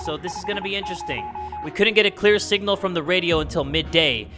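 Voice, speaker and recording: Excitable young man yelling at a game. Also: high voice, fast, faint music behind. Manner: loud, excitable, yells and swears at the game; reads game text aloud in a narrating voice. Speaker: gaming YouTuber. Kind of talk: let's play commentary.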